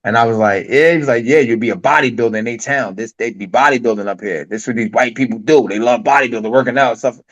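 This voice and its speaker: A man's voice: medium pitch, fast, few pauses, low-quality recording. A man as a podcast guest, telling his story casually with street slang and acting out the dialogue.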